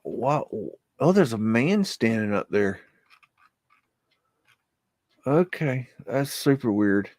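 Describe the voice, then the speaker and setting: A man's voice: medium pitch, very animated, takes it slowly, long pauses, darkish tone, dry recording. Guy hosting a live stream, rambly and jumpy, mutters and cusses, dry close sound. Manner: rambling, hesitant, easily spooked; swearing, muttered exclamations. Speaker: livestream host. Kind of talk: live commentary on archive photos.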